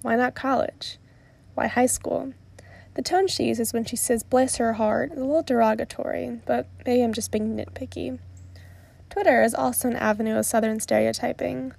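Earnest woman with a gravelly, mellow voice. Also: a little high, steady tone, normal speed, dry recording. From Tulsa, Oklahoma, US. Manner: earnest, mildly indignant. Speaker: podcast host. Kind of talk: commentary on played clips and read tweets.

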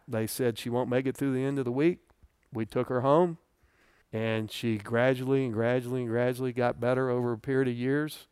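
A middle-aged man teaching a Bible study, telling a personal testimony in an earnest, conversational way that rises with feeling and then drops quiet. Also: clean tone, dry recording, studio quality. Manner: earnest and conversational, voice swelling then dropping low.

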